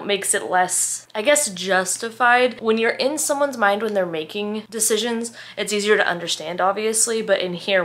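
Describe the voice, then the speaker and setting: A woman's voice: medium pitch, fairly bright tone. Chatty young woman talking books. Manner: chatty and candid, trailing off mid-thought. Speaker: book vlogger. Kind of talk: casual chat to camera. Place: home, indoors.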